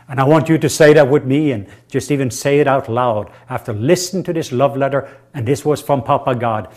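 Man preaching slow, repeated affirmations. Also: medium pitch, darkish tone. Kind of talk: sermon and prayer.

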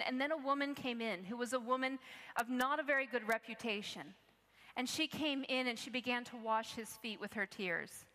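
A woman's voice: high-pitched, sharp tone, in a large hall. A woman preaching a sermon, telling a personal story in an earnest, conversational way with frequent restarts.

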